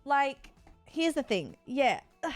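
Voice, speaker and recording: A woman's voice: sits high, very animated, slow pace, faint music behind. A woman streamer chatting casually while she plays, rambling and frank, swearing freely with lots of fillers. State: sore body.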